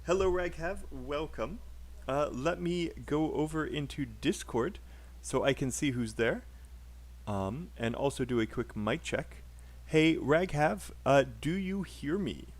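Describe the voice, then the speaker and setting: A man's voice: a little high, lively intonation, a little slow. A man with a British accent teaching a live online English pronunciation class, upbeat and encouraging with frequent fillers.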